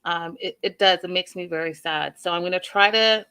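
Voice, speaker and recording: A woman's voice: lowish voice, normal speed, bright, forceful tone, smooth. A woman from Canada hosting a casual TV recap, chatting directly to her viewers. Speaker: host.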